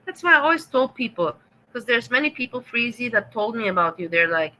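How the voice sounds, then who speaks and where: A woman's voice: on the high side, big pitch swings, a little fast, pushed and bright, a little hiss or hum, rough recording. A woman with a German accent hosting a casual livestream, reading the chat and answering viewers with sarcastic teasing.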